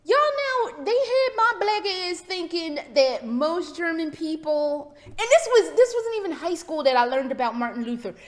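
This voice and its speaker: A woman's voice: very high-pitched, moderate pace, hardly any pauses. A young American woman ranting casually to camera as a vlogger, hyper, rambling and swearing freely. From United States. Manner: hyper, profane, rambling and animated.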